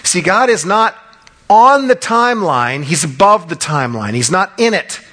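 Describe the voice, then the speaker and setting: Animated, bright-voiced preacher in his fifties. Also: sits high, normal speed, breathy edge. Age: 50s. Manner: animated storytelling, acting out quotes. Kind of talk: sermon.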